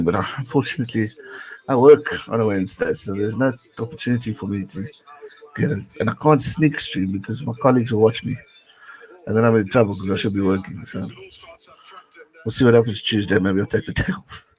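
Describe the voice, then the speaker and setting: A young man with a fairly low-pitched voice gives casual live watch-along commentary on a rugby match, chatting with viewers and reading their messages aloud. The recording is rough.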